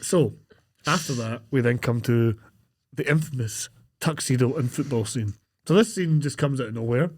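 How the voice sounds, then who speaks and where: A man's voice: mid-range voice, moderate pace. A man, co-hosting a podcast, retelling a film scene by scene and acting out the characters' lines. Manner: animated storytelling, acting out lines. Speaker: podcast co-host. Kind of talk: casual chat recapping a film.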